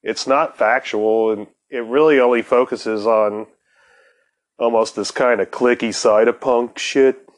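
A man's voice: medium pitch, fairly even intonation, measured pace. A man co-hosting a casual podcast, talking in a laid-back, profane, rambling way. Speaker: podcast co-host. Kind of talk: casual chat.

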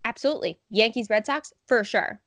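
A podcast co-host with a voice on the high side talks fairly quickly, with no echo, telling stories in a casual chat. She laughs often and animatedly acts out what other people said.

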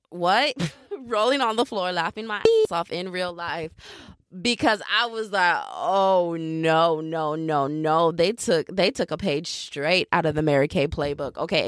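A young woman hosting a podcast, telling a story in a casual, animated way and mocking other people in impressions. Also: on the low side, no room sound, clean studio sound. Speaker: podcast host. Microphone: podcast mic.

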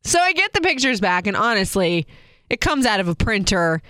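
A woman's voice: mid-range voice, big pitch swings, moderate pace, sharp tone, no echo, studio quality. A young adult woman and mother telling a casual storytime, chatty with wry asides and acted-out quotes. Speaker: vlogger, mother.

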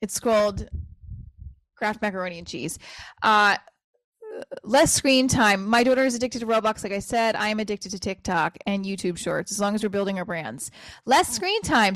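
A New woman in her forties, speaking, hosts a podcast alone. She rambles, swears freely and makes fun of herself as she tries out comedy bits. Her voice sits at a middling pitch and sounds dry and close, with no room around it. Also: lively intonation, normal speed, a bit bright, no echo. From New Jersey. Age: 40s. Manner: rambling, profane, self-deprecating. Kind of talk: casual solo podcast monologue.

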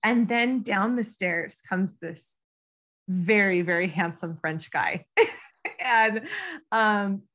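A woman's voice: medium pitch, fairly bright tone. An American woman in her thirties, a podcast guest recounting a story with lots of ums and laughter. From United States. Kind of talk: casual storytelling interview.

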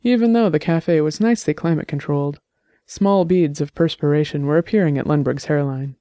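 A narrator reading a story aloud in a steady, measured way. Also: medium pitch, dry recording, studio quality. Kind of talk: scripted audiobook narration.

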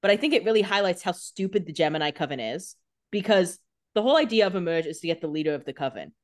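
Woman co-host, a touch low in pitch, blunt and opinionated in casual recap chat. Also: expressive, fast talker. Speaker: podcast co-host.

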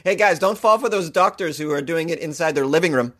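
A man's voice: fairly high pitch, fast talker, fairly bright tone, slight background noise. A man with a thick Boston accent hosting a comedic news podcast, brash and joking, laughing as he riffs on stories.

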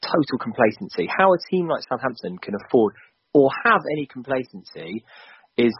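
A man's voice: medium pitch, sing-song, normal speed, husky, dry recording. A man, a podcast guest, talking football in casual chat, emphatic and swearing freely, with restarts and repeats. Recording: dull lo-fi dry sound.

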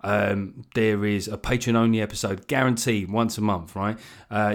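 A man's voice: lowish voice, vocal fry. A middle-aged man hosting a podcast solo, rambling through jokey, swear-filled asides into a mic that sometimes clips. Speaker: podcast host. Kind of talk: solo comedic monologue. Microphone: gain set too high, clipping at times.

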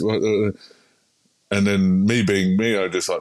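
An Australian man, a podcast guest, telling his story in a frank, animated, casual way with frequent restarts. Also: sits low, brisk, dry recording.

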